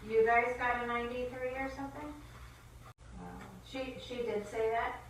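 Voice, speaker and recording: A woman's voice: a little high, steady tone, normal speed. Middle-aged woman gossiping from across a room. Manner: gossiping, chatty, repeats herself. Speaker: bank employee on a phone call. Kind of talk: gossipy phone conversation. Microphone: hidden phone from across the room. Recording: distant, echoey secret recording with background hiss.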